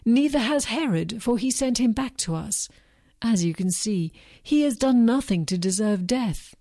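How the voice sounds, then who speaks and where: An uneasy male Roman governor puts his questions in an even, unhurried way, read aloud by a woman. The voice is mellow and warm. The recording is close and dry. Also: fairly high pitch, dry recording. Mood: questioning.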